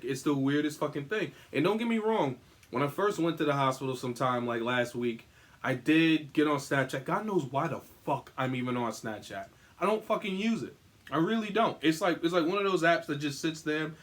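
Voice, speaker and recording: A young man hosting his own podcast from a room at home, talking in a profane, animated and rambling way. He is still recovering from an illness and sometimes breaks into singing. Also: on the high side, a little fast. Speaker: podcast host. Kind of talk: casual solo podcast monologue.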